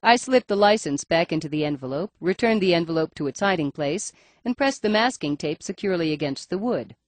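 A woman's voice: fairly low pitch, animated, brisk, no room sound. A woman reading a first-person audiobook in a wry, dry storytelling manner. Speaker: audiobook narrator.

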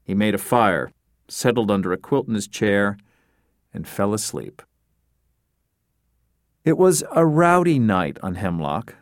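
A man narrating an audiobook in an even, measured storytelling manner. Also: lowish voice, no echo, studio quality. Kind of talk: scripted narration.

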